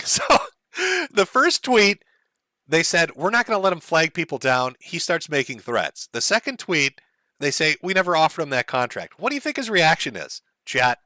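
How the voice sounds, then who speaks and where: A man's voice: mid-range voice, sharp tone, dry recording, studio quality. A man hosting an online commentary stream, sarcastic and mocking, often laughing. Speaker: commentary host.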